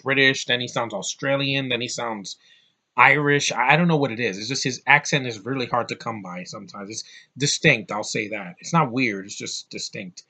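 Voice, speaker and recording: A man talking straight to camera in a loose, rambling movie-review vlog. His voice is bright and forward, and he swears freely and gets heated. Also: medium pitch, normal speed. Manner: rambling, profane, fired-up.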